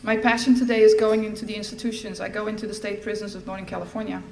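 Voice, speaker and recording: A middle-aged woman giving a personal testimony at a recovery fellowship event, telling her story in a lively way and acting out the lines she quotes. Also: medium pitch, fast, gravelly. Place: large event hall. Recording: echoey hall with faint ambience.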